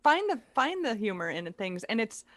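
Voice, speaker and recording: A woman guest, a speaker and author, chatting casually with playful, quick comic quips. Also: a little high, big pitch swings, a bit bright, no room sound. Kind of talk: casual chat.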